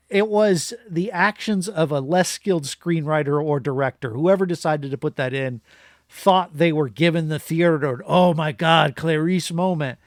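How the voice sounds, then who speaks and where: A man's voice: a little high, no echo, studio quality. A man co-hosting a podcast, giving an opinionated, rambling movie review in casual chat. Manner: rambling, opinionated, animated rants. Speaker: podcast co-host.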